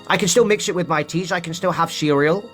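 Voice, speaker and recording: A man's voice: fairly high pitch, a little fast, a bit bright, faint music behind. A man live-streaming from home, urging his viewers in a preachy way and repeating points for emphasis. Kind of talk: impassioned live-stream monologue.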